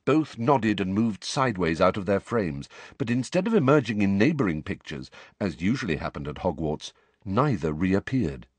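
A man's voice: low voice, very animated, normal speed, slightly rough, no echo. A man narrating an audiobook expressively, shifting his voice for the characters.

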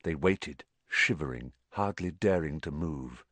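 A man narrating a storybook in a fairly low voice with lively, sweeping intonation. His delivery is dramatic and expressive. The recording is dry and close-miked. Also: a little slow, no echo. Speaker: audiobook narrator.

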